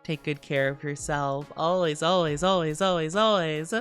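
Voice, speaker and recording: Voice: mid-range voice, normal speed, fairly bright tone, soft background music. A VTuber streamer in a casual, playful livestream chat, greeting viewers and rambling with giggles and fillers.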